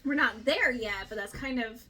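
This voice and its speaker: A young woman talks through a novel's plot in a loose, chatty way, lively and a touch profane. Her voice is bright and sits a little high. She acts out characters' lines with quick bursts of energy. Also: slight background noise. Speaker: book club co-host. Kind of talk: casual book discussion.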